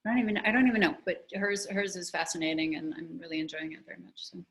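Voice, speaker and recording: A woman's voice: fairly low pitch, fast, fairly bright tone, poor audio. A woman author chatting about her memoir in a video-call interview, telling stories animatedly with lots of restarts and asides.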